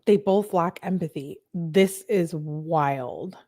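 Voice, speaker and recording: A woman's voice: lowish voice, slow, a little mellow. A woman hosting true crime commentary, reading text messages aloud and reacting with exasperated asides. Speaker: host.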